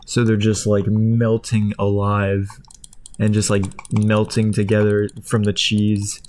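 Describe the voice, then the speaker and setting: A man rambling through the plot of a movie while clicking away, jumping into high squeaky voices for the characters. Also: monotone, slow, darkish tone, a little hiss or hum. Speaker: streamer. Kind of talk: casual chat while clicking.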